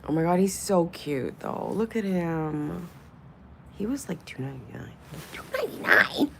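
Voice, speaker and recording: Woman, livestream host, low voice, lively pitch, swears, coos, slips into whispers, faint background noise. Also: a little slow, vocal fry. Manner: chatty, swears casually, coos at objects, drops into whispers. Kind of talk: casual livestream chat.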